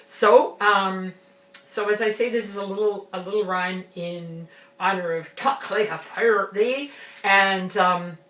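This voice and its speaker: A woman presenting a children's storytime rhyme, explaining it in a chatty, unhurried way, recorded in a roomy space from a distance. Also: medium pitch, fairly bright tone.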